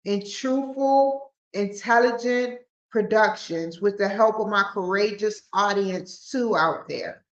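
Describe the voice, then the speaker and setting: A woman's voice: mid-range voice, fairly bright tone. A woman hosting her own podcast in a casual, rambling solo talk, often restarting her sentences. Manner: rambling, with frequent restarts and stumbles. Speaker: podcast host. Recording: roomy, dull lo-fi sound.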